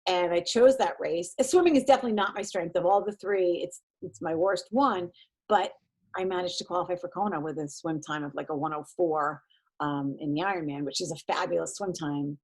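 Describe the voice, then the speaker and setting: Husky woman telling stories. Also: lowish voice, a little fast. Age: 40s. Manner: animated, acts out quoted voices, self-deprecating. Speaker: podcast guest, triathlete and performance coach. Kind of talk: casual storytelling interview.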